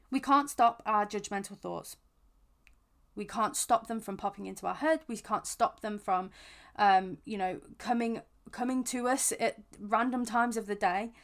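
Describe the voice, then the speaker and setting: A woman hosting a podcast, giving reflective self-help advice in an earnest, gentle way with frequent restarts. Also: on the high side. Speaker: podcast host.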